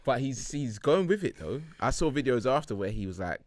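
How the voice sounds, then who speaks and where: A young man, hosting a podcast in relaxed casual chat and asking follow-up questions. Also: medium pitch, fairly quick. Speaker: podcast host.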